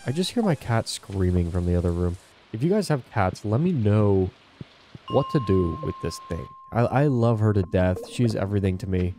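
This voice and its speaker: A man's voice: fairly low pitch, lively intonation, moderate pace, mellow, slight background noise. A young man talking casually to his viewers while playing a farming game at home. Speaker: gaming channel host. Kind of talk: casual gameplay commentary. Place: home, indoors.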